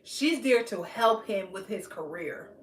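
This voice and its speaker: A woman's voice: medium pitch, lively intonation, unhurried. A woman hosting a podcast, talking bluntly and emphatically in casual commentary, lecturing her listeners. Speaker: podcast host. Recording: echoey room.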